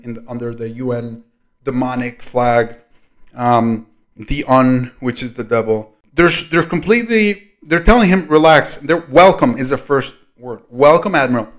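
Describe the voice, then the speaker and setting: A man hosting a video, reading a diary aloud and adding rambling commentary with many fillers, frequent throat clearing, and loudness that rises and falls. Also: mid-range voice. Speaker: video host.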